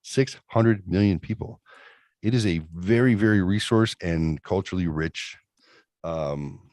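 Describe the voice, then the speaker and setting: Deep-voiced man, emphatic casual banter. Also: a little mellow, no room sound. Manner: emphatic, repeats key points slowly. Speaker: podcast co-host. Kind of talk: casual profane political banter.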